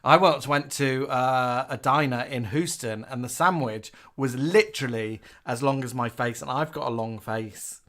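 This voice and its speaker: A man co-hosting a live chat show, teasing his partner in quick, camp banter. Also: medium pitch, fairly bright tone. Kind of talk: casual live-stream chat.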